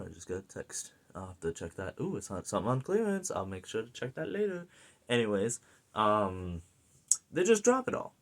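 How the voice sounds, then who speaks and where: An American man chatting through a movie review in a loose, rambling way. He keeps circling back with fillers and restarts, clearly enthusiastic about what he's describing. His voice sits at an ordinary middle pitch for a man. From United States. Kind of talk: casual film review chat.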